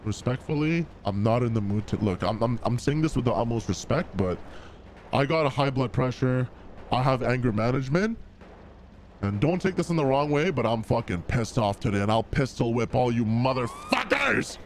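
A man's voice: medium pitch, lively intonation, normal speed, slight background noise, natural voice. A man voicing a foul-mouthed, hot-tempered old man in a game role-play, ranting and hurling insults. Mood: furious. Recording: music playing under the voice.

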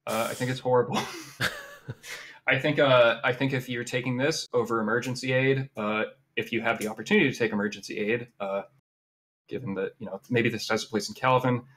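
Blunt man with halting, filler-heavy talk. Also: medium pitch, a bit bright. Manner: blunt, opinionated, hesitant with many fillers. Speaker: podcast co-host. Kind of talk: casual card-game review chat.

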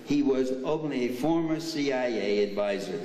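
An older man gives a sarcastic political speech at a banquet, peppered with mocking asides. His medium-pitched voice is animated and mellow, at normal speed. The recording comes from far off in an echoey banquet hall.

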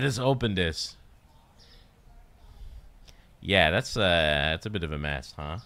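Deep-voiced man chatting through a game. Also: lively intonation, measured pace, pauses often, a bit bright. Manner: chatty, self-mocking, swears casually. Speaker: streamer. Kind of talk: casual game commentary.

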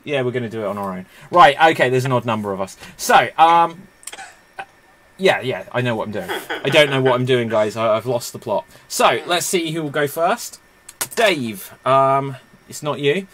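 A man's voice: medium pitch, expressive, normal speed, fairly bright tone, slight background noise. Rambling man hosting an improv game. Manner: chatty, self-mocking, rambling. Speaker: improv show host. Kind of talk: casual live-stream hosting.

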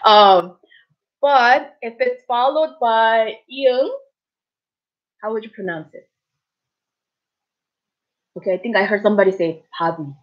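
A woman in her thirties teaches in a casual, patient way, saying each word slowly and more than once. Her voice sits a little high. The audio is dull and muffled, like a cheap recording. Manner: patient, repeats words slowly, checks in with "okay? right?". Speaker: Korean language teacher. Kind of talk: casual spoken lesson.

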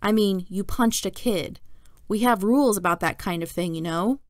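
A woman reading as a calm, serious school principal. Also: mid-range voice, no room sound, clean studio sound, close to an everyday voice. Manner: measured, patient, serious.

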